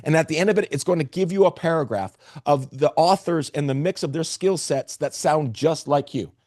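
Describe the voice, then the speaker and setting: Guy running a webinar, kinda high voice, dry close mic, lots of restarts, upbeat. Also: normal speed, dry recording. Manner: energetic, talks to the chat, frequent restarts. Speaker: webinar presenter. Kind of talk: live webinar presentation.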